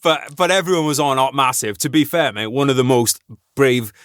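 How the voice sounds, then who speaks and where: A man who is an army veteran, hosting a podcast in a relaxed, laughing chat full of swearing and banter. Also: medium pitch, brisk, dry recording, studio quality. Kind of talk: casual chat.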